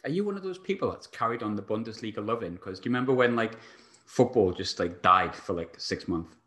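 Male podcast host, chatty and rambling, slightly low pitch. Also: expressive, fast, pushed and bright. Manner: chatty, rambling, laughs a lot. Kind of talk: casual chat.

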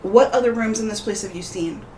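A woman playing a tabletop game, asking quick, suspicious questions. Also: mid-range voice, dark tone, a little hiss or hum. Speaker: player. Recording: roomy echo.

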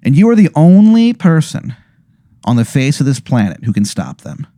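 A man's voice: on the high side, big pitch swings, moderate pace, mellow, no echo, clean studio sound. A young man telling a long comedic hypothetical, rambling and profane, with many fillers. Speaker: podcast co-host. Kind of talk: comedic storytelling.

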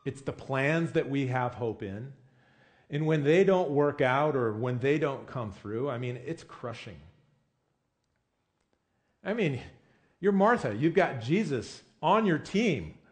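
Slow and animated, with a medium-pitched voice, this pastor delivers his sermon like a conversation, regularly putting questions to his listeners. He keeps it casual, leaning often on "I mean" and "you know."

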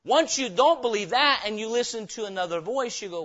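A pastor preaches with a high, ringing voice in a church. He is emphatic and keeps turning his points into questions for the congregation. The recording sounds dull and lo-fi. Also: lively intonation, a little fast, hardly any pauses, fairly bright tone. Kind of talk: revival sermon. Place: church sanctuary.

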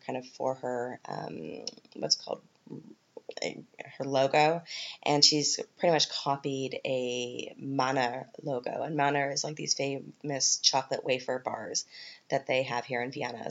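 A woman with a Canadian accent hosting her podcast, talking casually and rambling with plenty of ums and asides. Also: a bass voice. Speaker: podcast host. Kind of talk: casual solo podcast talk. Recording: dull lo-fi podcast recording.

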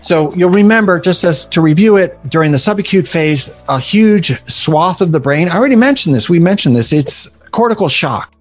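A man hosting a podcast, telling stories in a casual, animated way and swearing now and then. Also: high-pitched, normal speed, hardly any pauses. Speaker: podcast host. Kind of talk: casual chat.

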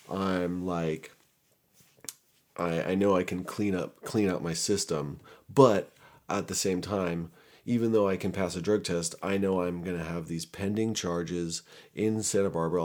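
Deep-voiced man telling a raw, profane story. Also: a little mellow. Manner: profane, candid, laughs at his own past. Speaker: storyteller recounting his past. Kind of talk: casual personal storytelling.

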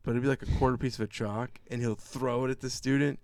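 Man, podcast co-host, casual sarcastic movie rant, mid-pitched voice, dead-dry sound. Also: quick pace, no room sound. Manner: sarcastic, animated movie rant with mocking impressions. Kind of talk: casual chat.

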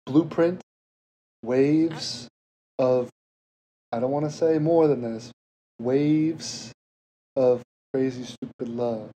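A man's voice: mid-range voice, slow, pauses often, mellow, slight background noise, low-quality recording. A man in casual podcast chat, making teasing, playful asides about a film.

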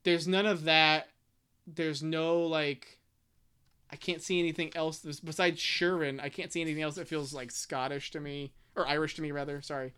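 A man with a bright, ringing voice and a crisp, clean tone, speaking a little higher than most men. He talks in casual conversation, hesitant and full of restarts, and now and then reads lines from a book aloud. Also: flat delivery, normal speed. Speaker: podcast co-host discussing a book. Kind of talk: casual chat.

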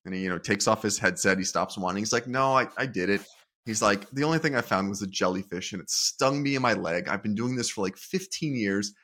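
A man co-hosting a podcast, telling a story in a relaxed, self-deprecating way. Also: on the low side, brisk. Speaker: podcast co-host. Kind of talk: casual chat.

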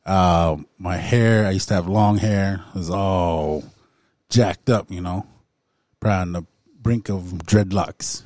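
Low-voiced man, halting testimony at a recovery meeting, lots of throat-clearing, dry close sound. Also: a little mellow, no room sound. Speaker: recovery group member sharing. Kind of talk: personal testimony in a recovery circle.

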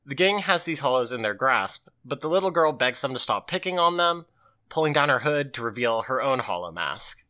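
Man, podcast host, casual recap, swears freely, lively pitch, bright tone. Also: moderate pace. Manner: loose and animated, swears freely.

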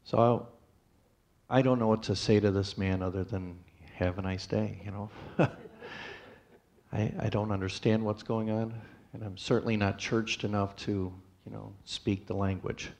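A man telling his personal testimony to a church congregation, in a plainspoken storytelling way with pauses and restarts. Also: on the low side, little pitch movement, gravelly, a little mellow.

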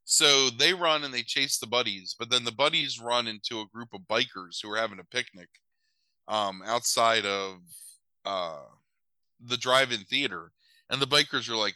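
A man's voice: mid-range voice, normal speed, pushed and bright, smooth, dry recording, low-quality recording. A man recapping a movie in a loose, sarcastic chat, swearing casually and using many filler words.

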